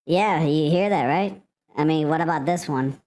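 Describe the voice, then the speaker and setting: A man talking through a pitch-shifting voice changer that makes him sound silly, with a chatty, goofy manner. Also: normal speed, darkish tone.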